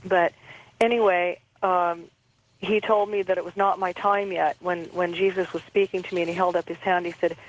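A woman interview guest calmly recounting a personal experience, halting and repeating words as she goes. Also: fairly low pitch, dull audio, a little hiss or hum.

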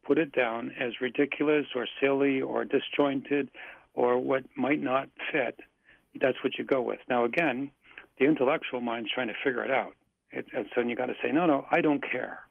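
Gravelly man coaching over a phone line. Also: mid-range voice, no room sound. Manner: calm, instructive, repeats himself, self-assured. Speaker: psychic guest. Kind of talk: casual radio talk, coaching listeners. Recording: dry, tinny phone line.

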